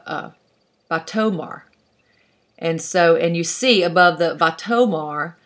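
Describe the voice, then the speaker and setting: A woman's voice: on the low side, fairly bright tone. A woman teaching an online class, explaining step by step in a patient way and thinking aloud as she goes. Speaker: Hebrew instructor.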